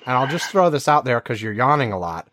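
A man hosting a podcast in casual chat, teasing his co-host in a calm way. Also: medium pitch, quick pace, no echo, clean studio sound.

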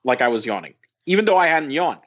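A woman's voice: sits low, big pitch swings, fast, muffled recording. A woman co-hosting a podcast in casual chat, swearing freely and tripping over restarts. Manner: profane, exasperated, stammering restarts. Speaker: podcast co-host. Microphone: remote call line.

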